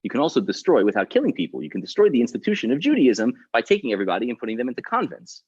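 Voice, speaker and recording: A man's voice: mid-range voice, very animated, rapid-fire, darkish tone, husky, no echo. A man, a rabbi, teaching a class on the text in a dramatic way, explaining and then acting out the story. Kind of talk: animated Torah class. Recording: muffled lo-fi recording.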